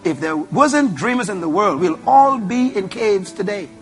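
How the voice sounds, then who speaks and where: A high-pitched man delivers a motivational sermon. He is emphatic and repetitive, and he drives his points home by commanding the audience. Faint music plays underneath. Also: lively intonation, normal speed, a bit bright. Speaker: preacher and leadership speaker.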